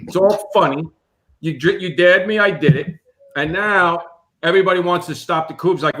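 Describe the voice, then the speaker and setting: A man's voice: high-pitched, normal speed, fairly bright tone. A man co-hosting a podcast, telling his side of a party story, emphatic and laughing along. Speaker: podcast co-host, retired firefighter. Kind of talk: casual storytelling chat.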